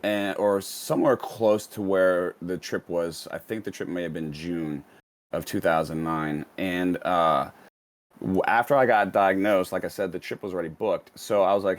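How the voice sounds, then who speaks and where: Low-voiced man telling a rambling story. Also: steady tone, moderate pace. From United States. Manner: rambling, many fillers and restarts. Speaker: interview guest, DJ. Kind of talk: casual storytelling interview.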